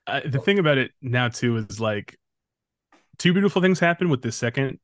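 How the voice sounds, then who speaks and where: A man speaking as a podcast guest in casual conversation, relaxed and rambling with frequent restarts. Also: mid-range voice, brisk, no room sound, clean studio sound. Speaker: podcast guest, film critic.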